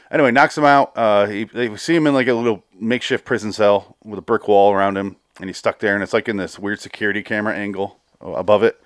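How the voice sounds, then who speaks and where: A podcast host with a voice on the low side casually recaps a TV episode: he wanders, swears a lot, laughs, and quotes characters in rapid snippets. The audio is studio quality, with no room sound.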